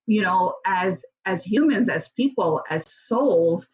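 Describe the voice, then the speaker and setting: A woman's voice: medium pitch, animated, slow, darkish tone, husky, highs cut off. A woman guest answering interview questions casually, rambling with many fillers and restarts and laughing often.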